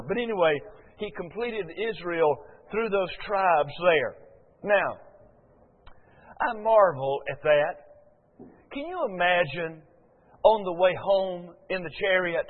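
High-voiced man preaching in echoey hall. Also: normal speed. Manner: folksy, with frequent "uh" and rhetorical questions. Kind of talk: conversational sermon. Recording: tinny phone-like audio in a long-echo hall.

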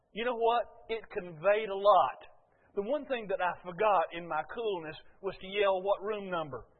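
An older man, preaching a folksy, storytelling sermon to his church with many short pauses and fillers. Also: high voice. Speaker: pastor. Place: church sanctuary. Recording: phone-like sound with long hall reverb.

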